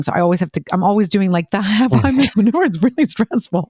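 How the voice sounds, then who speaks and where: A woman chatting casually as a parent on a podcast, telling quick, filler-heavy stories and acting out what people said. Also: medium pitch, no room sound, clean studio sound. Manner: rapid, filler-heavy storytelling, acting out quoted voices. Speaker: parent guest.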